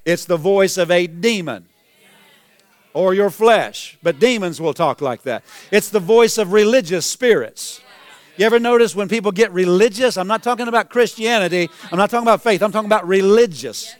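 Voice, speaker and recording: A man preaching a sermon, his high voice smooth and clear. He rises to emphatic, repeated exclamations, heard close and dry with little room sound. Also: normal speed, dry recording. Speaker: pastor.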